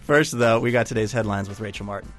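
Low-voiced man co-hosting radio. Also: fast, loud music behind the voice. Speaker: radio show co-host. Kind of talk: radio show preview.

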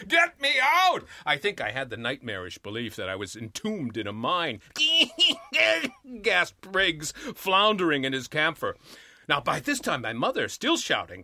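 Male actor narrating comedy, animated, bright and crisp in a dry room. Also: fairly high pitch, no echo. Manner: lively animated storytelling. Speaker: actor reading a story. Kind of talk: expressive comic story narration.

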